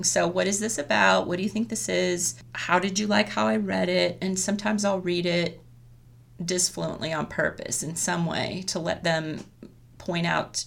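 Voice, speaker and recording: A woman's voice: lowish voice, creaky. A woman elementary school teacher explaining a classroom method in a friendly, chatty way with frequent laughs. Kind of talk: casual professional chat.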